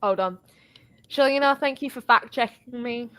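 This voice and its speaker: A British woman in casual chat, loud and theatrical, swearing and laughing often. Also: a little high, moderate pace. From Britain. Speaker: show co-host.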